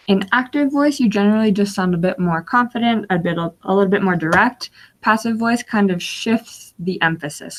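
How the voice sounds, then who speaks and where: A young woman with a lowish voice teaches over a webinar. She explains each slide patiently and fills pauses with small fillers. It sounds like a computer mic on a video call. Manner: explanatory, walks through slides with frequent fillers. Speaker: webinar guest speaker. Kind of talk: instructional webinar presentation.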